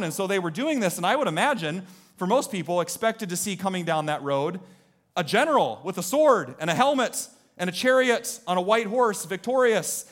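A man preaching a lively, joking sermon to his congregation in a church, rallying them to join in. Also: sits high, a little fast. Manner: animated, jokey, rallies the congregation. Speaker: pastor. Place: church sanctuary.

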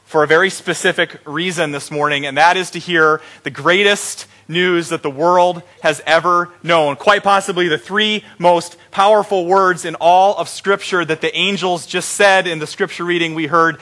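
A man's voice: sits high, normal speed, bright, forceful tone. A middle-aged man preaching an Easter sermon as pastor, joking and playful with his congregation.

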